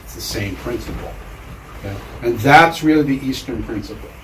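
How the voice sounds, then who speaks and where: A measured male lecturer in an echoey hall. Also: mid-range voice, a little hiss or hum. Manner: measured, with deliberate pauses. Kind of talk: storytelling lecture. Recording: roomy hall, mic far off.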